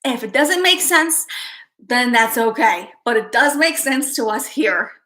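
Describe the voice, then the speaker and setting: Woman, live-stream host, giggly and chatty, bright forceful voice, a little high. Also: expressive, a little slow. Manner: giggly, chatty, often laughing and slipping into soft asides. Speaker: livestream host reading viewer comments. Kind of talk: casual live-stream chat.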